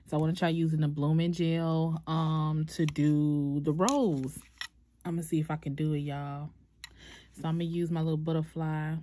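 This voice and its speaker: Low-voiced woman doing a casual nail tutorial. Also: fairly even intonation, normal speed, dark tone, dry recording. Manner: chatty, addresses viewers as y'all.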